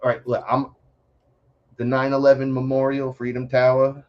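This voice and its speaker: New york guy from the bronx, swears a lot, animated, mid pitch, bit muffled audio. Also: moderate pace. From New York City, the Bronx. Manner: blunt, profane, animated storytelling. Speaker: podcast guest. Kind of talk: casual podcast chat.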